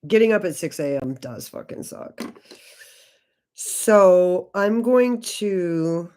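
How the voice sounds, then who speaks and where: A woman in her forties speaks slowly in a low, smooth, darkish voice that's still expressive. As host of a beauty channel's casual makeup livestream, she's loose, profane, and chatty with viewers.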